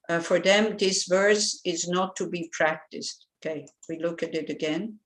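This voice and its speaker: Lowish woman's voice, Buddhist nun teaching, easygoing and chatty. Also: measured pace, few pauses. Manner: relaxed, conversational, digressive with anecdotes and fillers. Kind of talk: informal dharma teaching.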